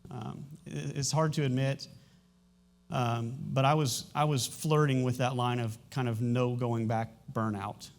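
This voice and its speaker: A middle-aged man, a pastor, speaking candidly to his congregation in a church, halting and emotional, with frequent restarts. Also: mid-range voice, fairly even intonation, gravelly. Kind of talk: sermon announcements and personal testimony. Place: church sanctuary.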